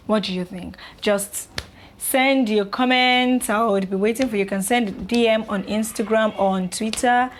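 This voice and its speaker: A young woman, chatting casually to camera about relationships, loose and filler-heavy. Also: medium pitch. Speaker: vlogger.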